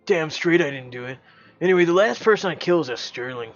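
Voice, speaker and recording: A man's voice: a little high, animated, quick pace. Cocky swearing young dude, guy voicing him, kinda muffled audio, game music faint. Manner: boastful, swearing, emphatic.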